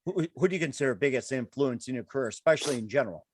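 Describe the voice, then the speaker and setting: A man's voice: medium pitch, lively intonation, very fast, a little hiss or hum. Upbeat male interview host. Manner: upbeat, encouraging, laughs easily. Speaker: podcast host. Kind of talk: casual interview.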